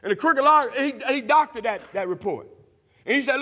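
A man preaching a sermon, using call-and-response and rising to shouts, in a church sanctuary. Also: very high-pitched, lively intonation, fairly quick. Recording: long hall reverb.

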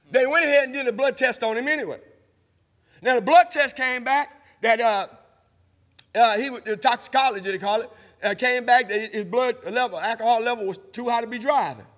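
Male preacher, high bright tone, call-and-response sermon, long church reverb. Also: normal speed, long pauses. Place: church sanctuary.

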